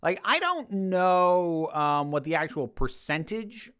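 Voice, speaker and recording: A man's voice: sits high, lively intonation, slow pace, a bit bright, clean tone. A man from the United States hosting a livestream, casually answering chat questions with rambling jokes and lots of fillers and restarts. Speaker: YouTube host answering chat.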